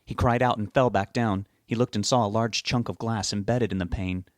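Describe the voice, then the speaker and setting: Low-voiced man narrating a novel. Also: fairly even intonation, brisk, no echo, clean studio sound. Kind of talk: audiobook narration.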